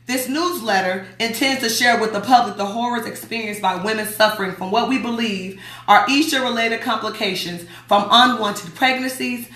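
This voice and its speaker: A woman's voice: a little high, sharp tone, roomy sound. A woman hosting a radio show, reading a newsletter aloud in a chatty, emphatic way and talking back to her listeners. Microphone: streaming mic.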